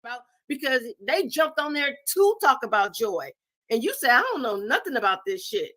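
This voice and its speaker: A woman's voice: sits high, sing-song, moderate pace, sharp tone. Blunt profane woman livestreamer. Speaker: host. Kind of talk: heated livestream commentary.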